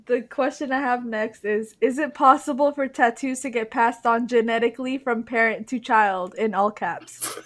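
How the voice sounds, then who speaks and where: A young woman co-hosting a casual joking chat, giggly and deadpan, often trailing off mid-sentence. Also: on the high side. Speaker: co-host answering questions.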